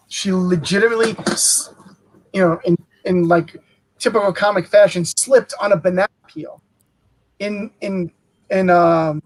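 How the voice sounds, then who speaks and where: A person casually telling a school story on a live stream, halting with many restarts. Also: mid-range voice, poor audio. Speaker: comic shop podcast co-host.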